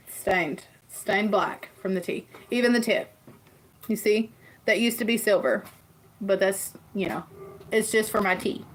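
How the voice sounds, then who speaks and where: A woman's voice: a little high, a bit bright, slight background noise. A woman with a Southern US accent hosting a casual livestream, rambling and laughing often as she chats. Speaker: livestream host. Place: farm home kitchen.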